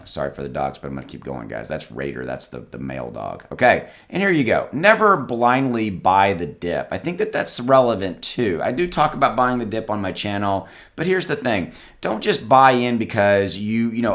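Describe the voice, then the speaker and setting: Low-voiced man giving casual advice. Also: expressive, brisk, a bit bright. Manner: conversational, repeats words, addresses viewers as guys. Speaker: crypto YouTuber. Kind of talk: casual direct-to-camera advice. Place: home with dogs.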